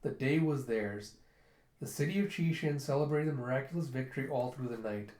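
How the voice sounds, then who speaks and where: A man's voice: mid-range voice, brisk, darkish tone. A man casually reading a comic book aloud and narrating it, chatty and full of fillers. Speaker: book reviewer. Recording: roomy echo.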